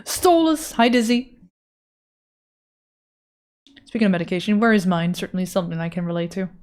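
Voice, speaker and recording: A woman's voice: medium pitch, animated, moderate pace, darkish tone. A woman art streamer chatting casually with her chat, loose and profane as she answers messages.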